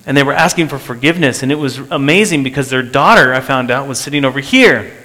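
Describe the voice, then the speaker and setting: Pastor guy giving an earnest sermon story, mid-pitch voice, big hall echo. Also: quick pace, bright, forceful tone. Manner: earnest, repeats phrases for emphasis. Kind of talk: sermon testimony. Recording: long hall reverb.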